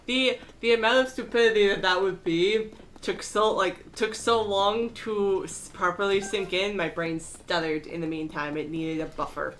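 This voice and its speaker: A woman's voice: medium pitch, fairly even intonation, normal speed, a bit bright, a little hiss or hum. A woman streamer giving casual, chatty let's-play commentary, laughing often and rambling through asides. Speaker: streamer playing a game.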